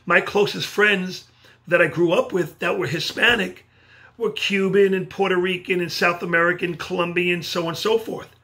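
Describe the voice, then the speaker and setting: Animated New man giving a pep talk. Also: sits high, normal speed. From New York. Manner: animated, gestures while talking. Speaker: motivational speaker. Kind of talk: motivational speech by video. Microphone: video camera.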